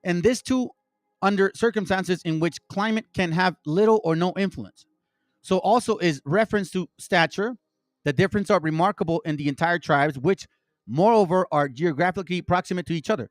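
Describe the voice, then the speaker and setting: A man's voice: high voice, dry recording. A man hosting an online commentary, reading passages aloud and reacting in a heated, profane rant full of stumbling restarts. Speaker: channel host.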